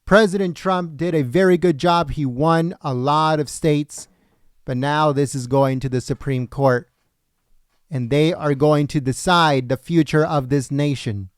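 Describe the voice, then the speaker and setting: A man's voice: on the high side, measured pace, no room sound, clean studio sound. A man hosting a political livestream, speaking earnestly and directly to his viewers, his voice tired after a long broadcast. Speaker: livestream political commentary host. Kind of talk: casual livestream sign-off.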